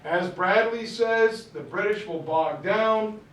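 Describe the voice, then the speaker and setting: A man teaching a history class to parents, telling the story with lively, acted-out quotes from the generals. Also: high-pitched, slow. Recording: roomy echo, mic at a distance.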